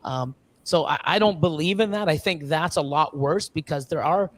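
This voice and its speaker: A man from Canada talking casually on a live stream, rambling earnestly with many restarts and fillers, sometimes mimicking other people in quick bursts. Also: a little high, a bit bright. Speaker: reptile breeder guest.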